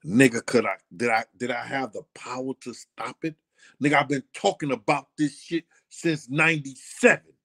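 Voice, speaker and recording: A man's voice: mid-range voice, fairly even intonation, normal speed, sharp tone. A middle-aged man, speaking in a blunt, profane casual monologue and hammering his points home through repetition. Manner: blunt, profane, repeats himself with emphasis. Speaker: host.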